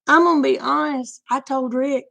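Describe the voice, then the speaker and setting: A woman's voice: sits high, steady tone, normal speed, vocal fry, fairly bright tone. A middle-aged woman, chatting frankly and folksily to her viewers, laughing often. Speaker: vlogger. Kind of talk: casual livestream chat.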